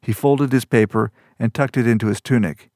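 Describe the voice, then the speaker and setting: A man reading a fantasy story aloud as narrator, in an even, measured manner. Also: no room sound, clean studio sound. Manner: even, measured storytelling, lifts pitch for dialogue. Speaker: audiobook narrator.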